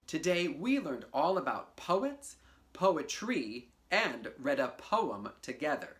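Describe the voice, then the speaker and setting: A low-voiced woman leads a children's poetry lesson, her pitch swinging up and down with playful energy. She takes her time, speaking slowly and encouragingly straight to the kids at home. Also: very animated, a bit bright. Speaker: teaching artist. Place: home video for a virtual class.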